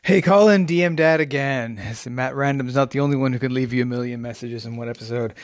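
A man's voice: mid-range voice, fast talker, no room sound, clean studio sound. Rambling man leaving a voice message. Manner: rambling, hesitant, many fillers. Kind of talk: casual voice message.

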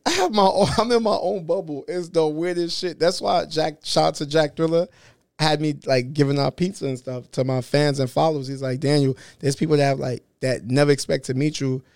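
A man guest in a casual podcast chat, an animated storyteller who swears a lot and acts out quoted lines. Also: on the high side, clean tone, dry recording, clean studio sound. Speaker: interview guest.

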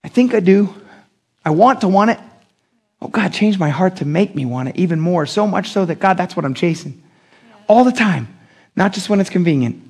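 A male pastor preaching an animated sermon, acting out the quotes with big pitch jumps and joking with the congregation. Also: moderate pace, pauses often, husky.

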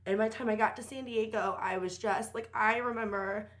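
A woman's voice: mid-range voice, steady tone, a little fast, fairly bright tone. A young woman on a podcast, telling a personal story candidly in casual chat, with lots of fillers and cursing. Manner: candid, profane, many fillers. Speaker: podcast guest.

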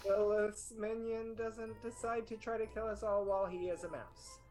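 A woman playing a tabletop game, calmly describing what her character does. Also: mid-range voice, normal speed, faint music behind, poor audio. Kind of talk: casual tabletop game chat.

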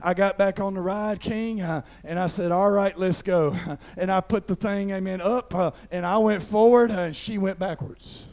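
This middle-aged pastor speaks at a moderate pace in a high voice, leaving few pauses. His sermon unfolds as a folksy personal story dotted with "amen," climbing to loud preaching.

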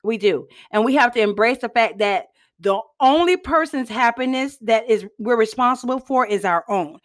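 A woman gives a casual motivational talk. Her voice sits a little high, folksy and chatty. She keeps pausing to cough and clear her throat. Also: expressive. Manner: chatty, folksy, addresses listeners as y'all. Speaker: host.

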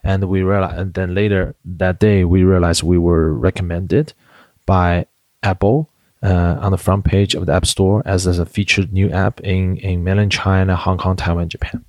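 Low-voiced man telling stories, dry sound. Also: little pitch movement, moderate pace, a little mellow, dry recording. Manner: chatty storytelling with many fillers and restarts. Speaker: edtech founder, guest. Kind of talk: interview conversation.

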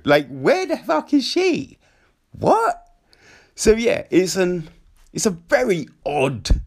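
A man giving a casual, exasperated spoken film review, full of fillers, rhetorical questions and mocking quotes. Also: a little high. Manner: animated, exasperated, many fillers and mock quotes.

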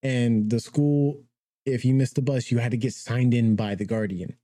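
A young man with a very dark, mellow voice tells a rambling story on a podcast, now and then laughing at his own tale. The sound is dry and close, with no room around it. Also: mid-range voice, steady tone, moderate pace, no room sound. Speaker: podcast co-host. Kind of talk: casual storytelling.

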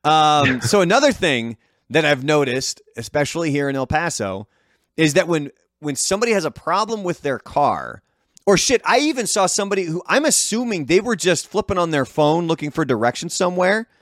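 A man's voice: on the high side, very animated, brisk, a bit bright, no room sound, studio quality. A man on a podcast who rants about other drivers in a laid-back, profane way. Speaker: podcast co-host. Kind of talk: casual chat. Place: El Paso.

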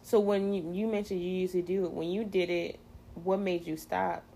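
A woman host in a relaxed faith conversation, playful and chatty, her words full of "um"s. Her voice sits low with a gravelly edge. A faint hiss runs underneath. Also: moderate pace. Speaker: podcast host. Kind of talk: casual faith chat.

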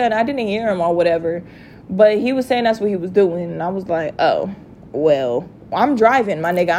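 A young woman telling a story to her viewers in a casual rant, profane and animated. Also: on the high side, slight background noise. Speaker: vlogger.

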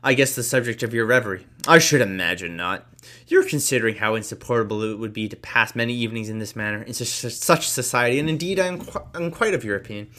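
A haughty young society lady, as a man reading aloud puts her on mocks and teases in quick, clipped phrases. Her voice sits at an ordinary middle pitch, with no great lift or softening. It is a man's own reading voice, only lightly shaded. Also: close to an everyday voice. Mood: mocking.

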